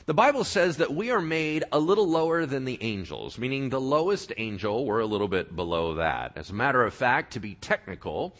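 A male preacher delivering a lively sermon. His bright, ringing voice swings widely in pitch as he tells the story with playful energy and stops to check in with his listeners. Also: a little fast, few pauses. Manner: animated, playful storyteller, asks the audience questions. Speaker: pastor.

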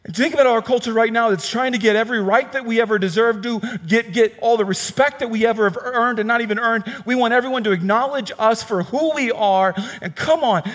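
A man's voice: brisk, hardly any pauses, big-room sound. Man preaching with big swings in volume. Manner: dynamic delivery swinging from loud bursts to hushed low reading; conversational preaching, reading scripture aloud. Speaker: pastor. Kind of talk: sermon.

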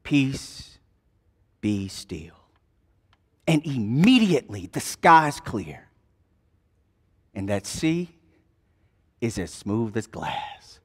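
A man preaching a sermon, retelling a gospel scene in dramatic, folksy storytelling that swings between hushed and loud passages. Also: medium pitch, big pitch swings, slow, long pauses, breathy edge. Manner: casual, folksy turns of phrase.

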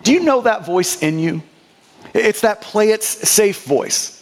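A male pastor with a high, light voice delivers an earnest sermon, putting questions straight to his listeners and stumbling over repeated words. His voice rings with the long reverb of a church hall. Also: very animated, a little slow.

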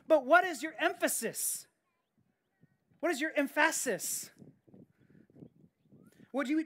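A woman's voice: high-pitched, fairly bright tone. A woman pastor preaching a sermon in an earnest, emphatic way, often repeating key phrases and restarting her sentences.

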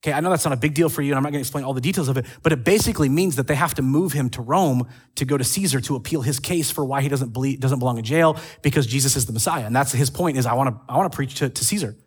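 A man preaching a casual sermon, retelling scripture stories in an animated way with quick asides. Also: mid-range voice, breathy edge. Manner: animated storytelling with acted quotes and asides. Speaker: pastor.

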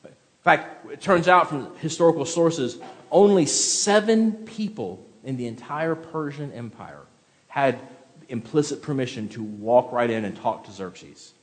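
A man's voice: medium pitch, animated, measured pace. Man preaching in a reverberant hall. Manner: conversational, asks listeners to follow along in the text. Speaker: pastor. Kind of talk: expository sermon with scripture reading.

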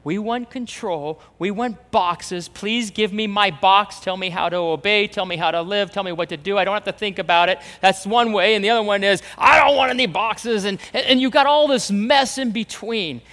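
A man's voice: high voice, brisk, few pauses, fairly bright tone. A man preaching a sermon as pastor, emphatic, repeating phrases and acting out the voices he quotes. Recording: reverberant hall, long echo.

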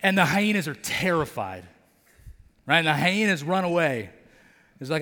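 A man's voice: fairly high pitch, sing-song, normal speed, long pauses, sharp tone, long reverb tail. A man preaching a sermon as a pastor, talking casually with lots of fillers and acting out characters' lines as he tells the story. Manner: conversational, many fillers like "like" and "right?". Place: church sanctuary.

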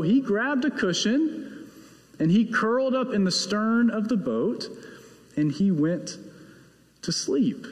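Slow, high-voiced preacher in an echoey hall. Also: male voice. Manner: slow storytelling delivery that drops soft at phrase ends. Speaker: pastor. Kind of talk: sermon. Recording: echoey hall with long reverb.

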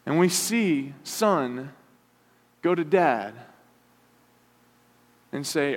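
A male pastor preaching with animated, conversational storytelling and quick asides, his voice sitting a little high. He slips into the characters' complaints as he retells the story. The sound rings with a long reverb from a church sanctuary. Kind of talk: sermon.

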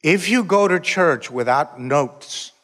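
Male pastor, slightly high voice, slow deliberate sermon delivery with shouted peaks, long church-hall reverb. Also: lively intonation. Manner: preaching with call-and-response, bursts into shouts.

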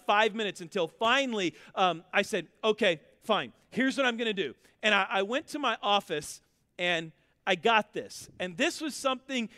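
A man's voice: sits high, bright, forceful tone. A man in his thirties preaching a conversational sermon, telling family stories and building to emphatic repetition. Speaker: pastor. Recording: long hall reverb.

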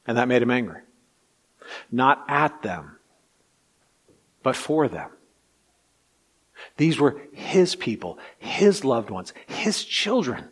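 Male pastor, mid-pitched voice, dynamic sermon delivery, loud and hushed by turns. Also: big pitch swings, slow pace, pauses often, husky. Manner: dynamic preaching, swings from loud to hushed, acts out quotes.

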